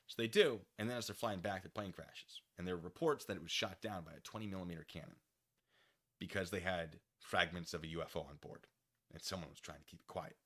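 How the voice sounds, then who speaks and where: A man's voice: low-pitched, quick pace, fairly bright tone. A man streaming, telling a story casually and acting out quoted people in silly voices.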